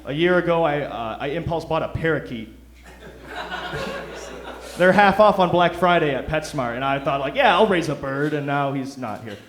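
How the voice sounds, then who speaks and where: A man's voice: fairly high pitch, animated, moderate pace, long pauses, crowd noise. A young man from Detroit doing a loose, self-mocking stand-up set, chuckling through his lines. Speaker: stand-up comic. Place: comedy club stage. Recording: roomy club sound.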